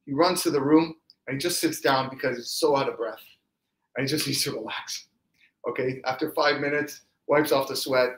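A man, a rabbi, giving a storytelling Torah class and lively acting out the quoted speech of the people in his stories. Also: mid-range voice, a little fast, roomy sound, rough recording.

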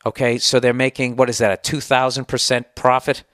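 A man's voice: mid-range voice, flat delivery, fairly quick, fairly bright tone, no echo, studio quality. A man hosting a solo podcast, answering listener email in a heated, sarcastic, profane rant. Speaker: podcast host.

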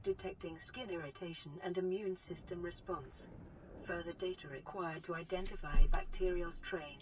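A woman voicing a calm in-game computer that announces scans and data in even, clipped statements. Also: lowish voice, normal speed, background noise, close to an everyday voice. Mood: flat. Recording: game audio with music behind.

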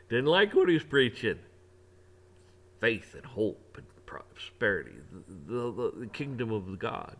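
A man delivers a heated opinion rant in a preachy tone. He repeats phrases over and over for emphasis and drops in curse words as he goes. His voice stays at an everyday pitch. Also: sing-song, a little slow, a bit bright. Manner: religious preaching tone. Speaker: online commentator. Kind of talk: ranting opinion monologue.

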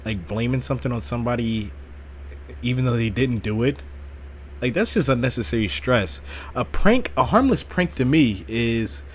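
A man's voice: lowish voice, a little hiss or hum. A man streaming a casual reaction, rambling and repeating himself as he tells stories and laughs along.

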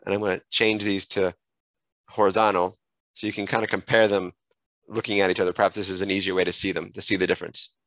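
A man giving a screen-recorded software tutorial, thinking aloud and correcting himself as he clicks through menus at a desk microphone. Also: deep voice, little pitch movement, fast talker, dry recording, rough recording.

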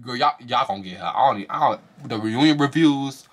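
Guy w/ talking fast and bright, roasting reality tv drama, jumps into high voices for quotes. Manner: animated, fast slangy talk, acts out quotes in a high voice. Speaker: reality show reviewer. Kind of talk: casual profane commentary.

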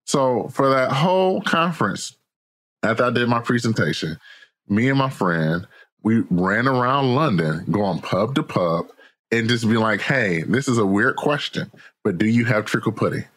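An American man, a podcast guest and author, telling stories in a casual, slangy, animated way and laughing often. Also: mid-range voice, moderate pace. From United States. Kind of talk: casual interview chat.

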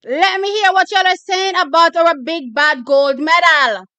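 A Jamaican woman hosting a live watch-party stream, her voice pitched very high with a sharp, bright edge. She reacts excitably, bursting into shouts and laughter and dropping into patois. The sound is close and dry. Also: measured pace, dry recording. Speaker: watch-party livestream host.

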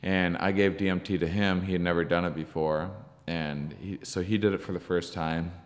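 Low voiced guy on a podcast, lots of ums and restarts, big echoey reverb around him. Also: fairly even intonation. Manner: halting, full of ums and restarts. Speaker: podcast guest, comedian. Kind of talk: casual storytelling interview. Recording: long reverb from the room.

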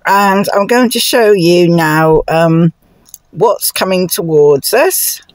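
A woman narrating her travel vlog in a chatty, relaxed way, pausing on fillers. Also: dry recording. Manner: coos to her dogs in high sing-song tones. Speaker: travel vlogger.

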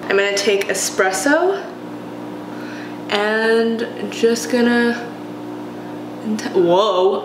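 Excitable sick woman in an echoey room. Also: on the high side, slow, long pauses, noisy background. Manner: gushing, excitable, self-deprecating. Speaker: beauty vlogger. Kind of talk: casual get-ready-with-me chat. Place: home, doing her makeup.

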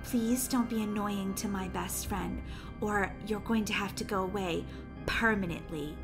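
A woman's voice: medium pitch, a little slow, over music, pitched below the performer's own voice, close to an everyday voice. A woman voicing an evil female android babysitter who stutters and repeats syllables as she glitches. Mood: menacing. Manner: stuttering robotic repetitions.

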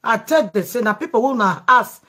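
A woman's voice: on the high side, expressive, a little fast, fairly bright tone. A Nigerian woman hosting a live show, taking calls and talking emphatically in pidgin. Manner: emphatic, pleading. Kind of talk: Pidgin live-stream chat with callers.

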